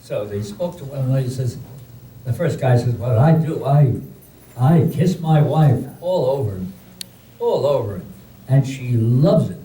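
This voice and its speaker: A man's voice: medium pitch, expressive, dark tone. Older man telling jokes in a roomy hall. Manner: slow, deliberate storytelling with voiced punchlines. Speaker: joke teller. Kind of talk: telling jokes to a live audience. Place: community hall. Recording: roomy, distant recording with faint ambience.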